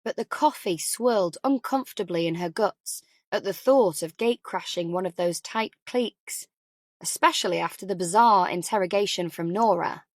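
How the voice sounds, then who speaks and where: Calm woman reading an audiobook. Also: mid-range voice, normal speed, no room sound, studio quality. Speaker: audiobook narrator. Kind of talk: quiet scripted audiobook narration.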